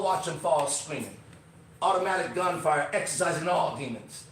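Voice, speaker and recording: A man's voice: very animated, moderate pace, far from the mic, a little hiss or hum. Brash, profane man ranting in an echoey room. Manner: brash, swaggering, profane, swings from loud outbursts to low asides. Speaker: podcast host. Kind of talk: profane motivational podcast rant. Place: Las Vegas.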